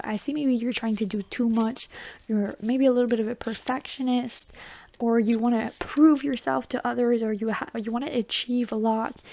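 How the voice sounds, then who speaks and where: A woman giving a tarot reading, talking softly and reassuringly, often dropping into a whisper and calling the listener baby or honey. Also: a little high, slight background noise. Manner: chatty and affectionate, calls the listener baby and honey. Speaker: tarot reader. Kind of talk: intuitive tarot reading to viewers.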